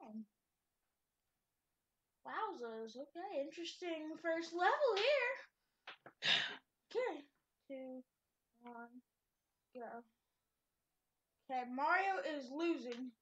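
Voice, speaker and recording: A woman's voice: high-pitched, very animated, slow, pauses often, a bit bright, highs cut off. A woman giving playful, chatty gameplay commentary, talking to herself with sudden exclamations. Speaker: gamer.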